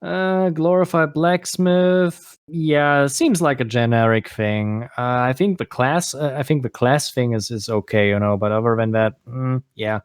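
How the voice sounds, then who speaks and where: A man's voice: mid-range voice, a little slow, few pauses, clean tone, dry recording, studio quality. A man with a German accent co-hosting a casual podcast chat, hesitant and often repeating words as he searches for them. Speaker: co-host.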